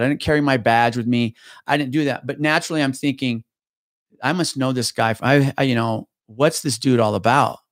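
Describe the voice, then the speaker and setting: A man, a retired police officer, telling a story in a casual podcast chat, profane and animated, with lots of restarts. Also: mid-range voice, brisk, dry recording, studio quality.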